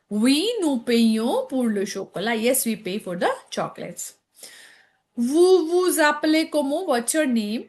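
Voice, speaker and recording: Slow-paced Indian woman teaching French. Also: a little high. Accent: Indian English. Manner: reads French lines then translates to English, checks in with "okay?". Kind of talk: textbook lesson walkthrough.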